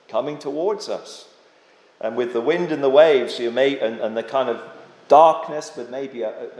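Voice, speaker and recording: A man's voice: mid-range voice, a little mellow. A man preaching a sermon, earnest and dramatic, with rhetorical questions and frequent restarts. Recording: echoey hall with long reverb.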